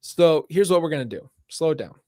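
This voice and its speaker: Excitable male streamer, dry close sound. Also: a little high, normal speed, no echo. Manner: excitable, laughing and reacting between read passages. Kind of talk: live-stream reading an interactive mystery story aloud.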